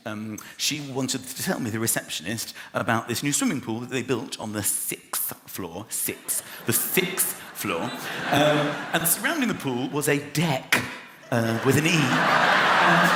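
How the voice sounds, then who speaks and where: A stand-up comic works a big theatre stage, animatedly acting out characters as he tells his stories. His voice is mid-range, heard over a noisy background of theatre echo and roaring laughter.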